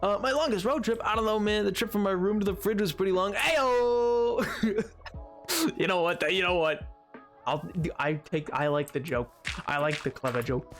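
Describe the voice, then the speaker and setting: A man's voice: high-pitched, normal speed, a bit bright, soft background music. Rambling, joking man streaming. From United States. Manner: rambling, playful, self-mocking jokes. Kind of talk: casual livestream chat while gaming.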